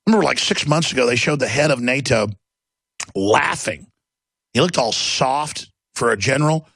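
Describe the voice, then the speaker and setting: A man's voice: mid-range voice, lively intonation, normal speed, creaky, a bit bright, dry recording. A middle-aged man ranting in a mocking, sarcastic monologue as a talk radio host.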